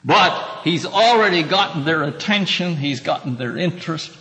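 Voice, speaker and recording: A man's voice: a little high, expressive, normal speed, bright, forceful tone, long reverb tail, rough recording. A man teaching a Bible class, explaining scripture verse by verse and calling on students by name. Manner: earnest, emphatic when quoting scripture.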